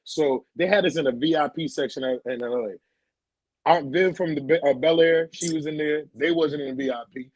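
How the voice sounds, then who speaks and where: A man's voice: a little high, normal speed, poor audio. A man co-hosting a podcast, telling stories in loose, slangy casual chat. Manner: animated storytelling, loose slangy talk. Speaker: podcast co-host.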